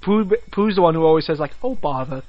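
A man's voice: fairly high pitch, quick pace, no echo, muffled recording. A man co-hosting a podcast, chatting casually, laughing often and teasing his co-host. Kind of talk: casual chat.

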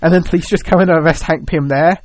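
Young man rambling excitedly, dry close sound. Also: a little high, quick pace, no room sound. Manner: rambling, animated storytelling with many "like"s. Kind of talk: casual chat.

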